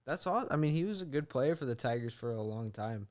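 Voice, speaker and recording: A young man from Michigan rambles in an easygoing way as a podcast co-host, his speech full of fillers. His voice is smooth and clear and sits in a middle pitch. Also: animated, fairly quick, darkish tone. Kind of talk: casual chat.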